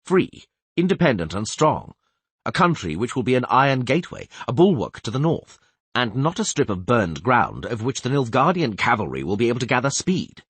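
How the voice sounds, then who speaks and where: A man's voice: mid-range voice, sing-song, moderate pace, a bit bright, breathy edge, dry recording, pitched above the performer's own voice. A man voicing a blunt, scornful king in an audiobook, speaking with dry force. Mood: forceful. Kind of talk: audiobook character voice.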